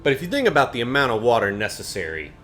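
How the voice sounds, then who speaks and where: Deadpan man commentating a game. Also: mid-range voice, very fast, soft background music. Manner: deadpan mock-confident, dry jokes. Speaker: let's play co-host. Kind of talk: casual gaming commentary.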